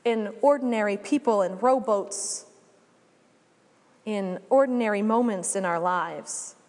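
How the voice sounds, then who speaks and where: Female preacher, reflective sermon delivery, higher voice, reverberant hall. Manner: storytelling, measured and reflective.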